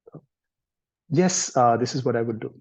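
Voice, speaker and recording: Man, counseling trainer; gentle, explanatory delivery, warm husky tone. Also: mid-range voice, normal speed. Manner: gentle, explanatory, mixes in Hindi words. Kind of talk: explaining in a live workshop. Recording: dull lo-fi sound.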